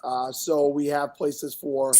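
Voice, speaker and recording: A man hosts a loose podcast chat, tossing out dry comebacks and wisecracks. His voice is very high for a man, and a faint hiss sits under the recording. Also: flat delivery, slow pace, dark tone, poor audio. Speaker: podcast host. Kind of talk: casual podcast banter.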